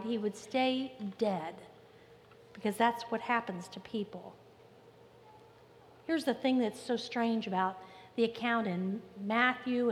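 A woman pastor preaching a sermon in an emphatic style, repeating phrases and pausing for effect. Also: fairly high pitch. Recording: long reverb with faint ambient noise.

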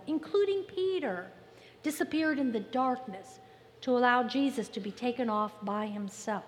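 A woman pastor delivers a sermon with a high, clear voice, leaning on repeated phrases and pauses. She sounds like she is in a church sanctuary with a long, lingering reverb. A faint hum of room ambience sits under her words.

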